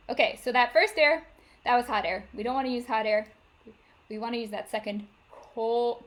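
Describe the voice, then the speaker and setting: A choir director leading vocal warm-ups over a video call, coaching step by step with frequent cues to get ready. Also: female voice, fairly high pitch. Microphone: video call microphone. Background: piano she plays for the exercises.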